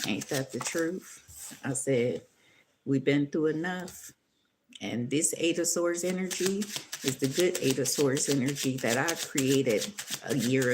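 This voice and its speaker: Woman, deep low voice, profane rambling tarot reading, casual spoken style, steady noise under the voice. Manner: profane, rambling, talks to viewers as "boo" and "baby". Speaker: tarot reader.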